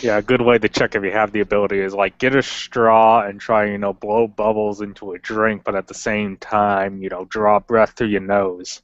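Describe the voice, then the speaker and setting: Man, flat low voice, dry explaining, lo-fi sound. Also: moderate pace, few pauses. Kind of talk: casual voice chat. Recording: dull lo-fi voice chat.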